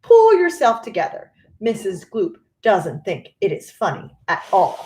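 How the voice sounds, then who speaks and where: A woman's voice: medium pitch, wildly swooping pitch, unhurried, a little mellow, echoey room. A woman voicing an eccentric, theatrical male chocolate maker with breezy reassurance. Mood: whimsical.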